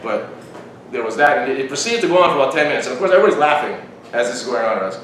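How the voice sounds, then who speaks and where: A man's voice: medium pitch, animated, racing, a bit bright. A man hosting a podcast, telling a long story in rambling casual chat with frequent restarts. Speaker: podcast host. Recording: very echoey room, distant mic, faint noise.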